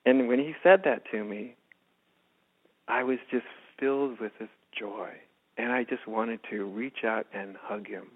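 Soft-spoken man on a phone-like line. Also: mid-range voice. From United States. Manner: soft-spoken, halting with many restarts. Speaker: spiritual teacher. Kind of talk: reflective storytelling in interview. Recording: phone-like narrow band.

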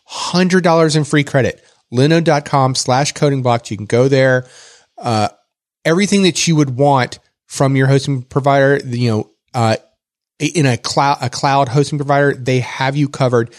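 A man co-hosting a casual tech podcast, joking around and reading a sponsor spot with animated energy. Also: mid-range voice, moderate pace, dry recording, studio quality. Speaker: podcast co-host.

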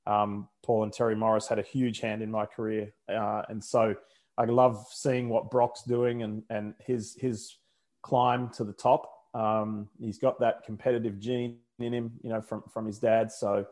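A man's voice: on the low side, level tone, a little slow, a little mellow. An Australian man, a motorsport commentator, chatting casually and rambling with frequent self-corrections. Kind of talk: casual chat.

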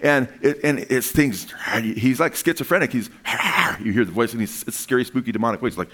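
A man preaching a sermon in a loose, conversational way, often restarting phrases and building to excited emphasis. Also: mid-range voice, moderate pace, slightly rough. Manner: animated and conversational, with frequent restarts and rising emphasis. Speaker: pastor.

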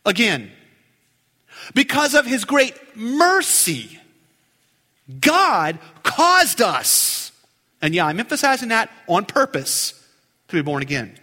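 Slow, high-voiced preacher in a reverberant hall. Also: male voice. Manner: emphatic, drawn-out phrases with sudden drops to a hush. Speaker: pastor. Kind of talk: sermon. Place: church sanctuary.

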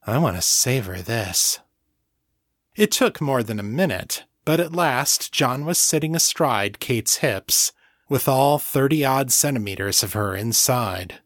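A man reading a novel aloud in slow, measured scripted narration. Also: mid-range voice, lively intonation, fairly bright tone, no echo, clean studio sound. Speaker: audiobook narrator.

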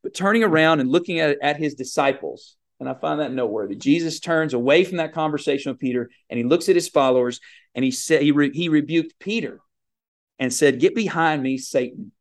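A man's voice: a little high, fairly quick. A man preaching a communion sermon in an earnest, emphatic way, with fillers and restarts.

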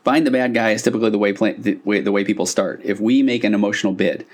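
A man's voice: fairly low pitch, fairly even intonation, fast. A man who works as a couples therapist, explaining a therapy concept to listeners in a loose conversational way, with fillers and restarts.

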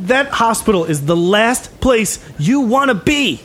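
A man voicing a cocky young male gang leader who mocks and threatens strangers in rough street talk. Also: high voice, big pitch swings, a little slow, a bit bright, a little hiss or hum, voice pushed up, heavily acted. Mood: mocking. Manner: brash, mocking street talk.

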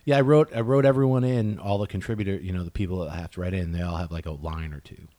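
A man in casual podcast chat, talking in a relaxed, halting way and laughing at himself. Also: sits low, no room sound. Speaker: guest, animation director.

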